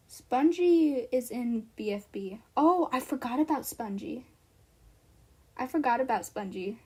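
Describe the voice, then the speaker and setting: Husky, giggly woman streamer. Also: fairly high pitch, darkish tone. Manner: giggly, rambling asides. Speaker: streamer reading fan fiction. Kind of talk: casual live-stream story reading.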